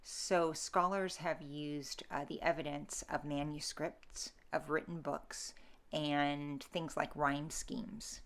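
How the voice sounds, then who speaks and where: A woman lecturing students on Middle English pronunciation, patiently demonstrating sounds and checking in with a frequent okay. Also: deep voice. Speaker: literature instructor.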